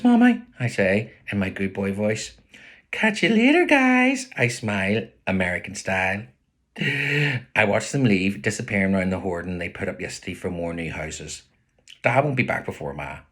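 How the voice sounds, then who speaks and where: A man with a Belfast accent, reading his own novel aloud with lively voices for the characters. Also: sits low, slightly rough. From Northern Ireland.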